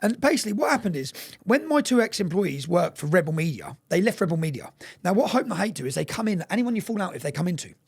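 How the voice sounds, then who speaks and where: Man, interview guest, gravelly, fast, emphatic, swears a lot. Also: high-pitched, very animated. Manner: emphatic and profane, keeps checking in with "yeah?". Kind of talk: candid storytelling in an interview.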